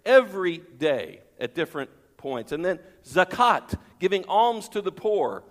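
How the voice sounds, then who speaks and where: A man with a fairly high voice preaches a sermon, pressing his points with rhetorical questions and repetition. His voice rings out with the long reverb of a large hall. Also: sing-song, measured pace. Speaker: pastor.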